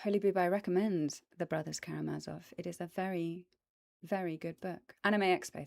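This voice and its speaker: Woman, livestream host, casual chat, enthusiastic, lots of ums, lowish voice, dry close sound. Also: fairly even intonation, fairly quick, creaky, a little mellow, no room sound. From British and American. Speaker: voice actress hosting a plant stream. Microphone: desk microphone in front of her.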